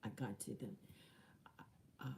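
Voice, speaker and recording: A woman coach telling a personal story in an animated way, often dropping into hushed, whispery asides. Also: slow, slight background noise. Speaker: spiritual coach.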